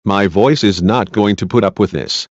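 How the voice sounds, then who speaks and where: A man's voice: on the low side, normal speed, dry recording, lightly acted. A man voicing an agitated, worn-out female witness who snaps back at the questions. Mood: exasperated. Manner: exasperated, snapping back. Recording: dull lo-fi dry recording.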